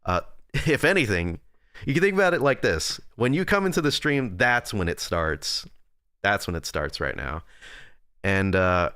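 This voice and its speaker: Rambling young man streaming, lively pitch. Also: unhurried, smooth, no echo, studio quality. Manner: rambling, self-deprecating, reads and answers chat. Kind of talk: casual livestream chat. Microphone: close desk microphone.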